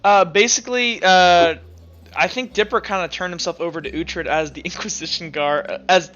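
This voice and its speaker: A man running an online tabletop game as game master, narrating scenes with loose, animated fillers. His voice is high and bright, slightly muffled, with faint music behind him. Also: moderate pace.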